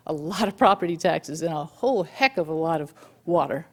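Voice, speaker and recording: A woman who owns a local business gives an emotional public comment at a board meeting. She speaks haltingly, with many restarts. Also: low-pitched, animated.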